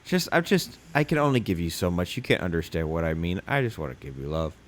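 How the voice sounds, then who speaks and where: A man's voice: sits low, sing-song, fast. A man co-hosting a casual podcast chat, joking and easygoing. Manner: joking, easygoing, self-mocking. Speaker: podcast co-host.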